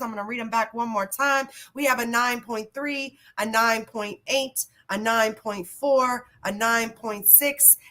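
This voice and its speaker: A woman hosts a virtual poetry slam in a bright, high voice. She talks slowly, in a chatty and upbeat way, and drifts into singing between the scores. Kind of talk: casual live-stream hosting.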